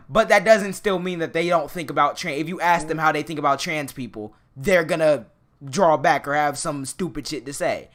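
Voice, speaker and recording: Bright-voiced man rambling on a stream. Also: on the high side, brisk. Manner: rambling, many fillers and restarts. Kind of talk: casual stream chat.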